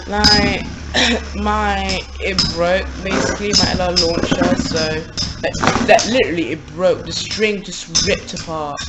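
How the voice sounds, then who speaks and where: A young man with a British accent, casually commentating on toy battles in a rambling, excitable way, laughing often, at home. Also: sits high, low-quality recording. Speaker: Beyblade channel host. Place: home room, family upstairs.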